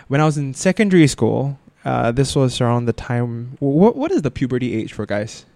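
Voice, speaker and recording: A man, chatting on a podcast as an animated storyteller who slips into high voices to mimic people. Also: brisk, vocal fry. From Singapore. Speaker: radio presenter and podcast guest. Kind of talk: casual podcast chat.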